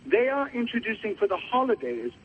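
A man playing a pompous old-fashioned gentleman caller. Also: extremely high pitch, big pitch swings, fairly quick. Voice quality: affected, old-fashioned phrasing. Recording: muffled phone line with faint hiss.

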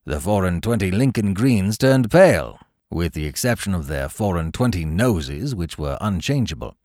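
A man's voice: moderate pace, no echo, clean studio sound. A man reading a classic tale aloud as a podcast host, in scripted, theatrical narration. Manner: theatrical, highly animated storytelling.

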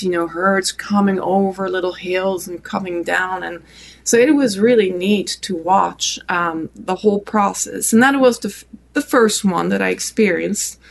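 French woman guest telling a story, bit of fry in her voice, middle pitch, lots of "you know"s. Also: unhurried. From France. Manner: warm anecdotal storytelling with many fillers. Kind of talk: storytelling in a podcast interview.

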